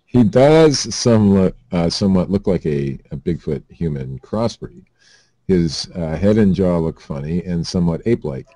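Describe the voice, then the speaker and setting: Deep dark-voiced man reading with jokes. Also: husky, no echo. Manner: reads items aloud with self-deprecating asides and stumbles. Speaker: podcast host reading news items. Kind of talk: comedic podcast reading.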